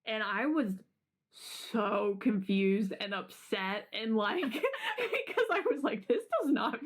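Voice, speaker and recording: A woman's voice: medium pitch, sing-song, slow pace. A young adult woman co-hosting a podcast in casual chat, rambling and self-deprecating. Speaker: podcast co-host.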